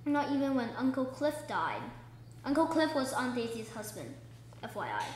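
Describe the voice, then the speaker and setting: A woman's voice: on the high side, big pitch swings, moderate pace, roomy sound, slight background noise, low-quality recording. A young woman reading a children's book aloud, stopping for chatty asides that explain the story. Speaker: book reader.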